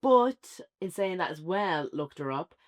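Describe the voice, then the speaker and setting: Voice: medium pitch, expressive, measured pace. An Irish speaker co-hosting a casual film review, chatty and rambling with many fillers.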